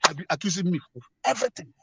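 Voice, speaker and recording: A man earnestly telling a personal story as a guest, halting and repeating himself often. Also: sits high, animated, creaky, background noise. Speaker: guest sharing a marriage problem.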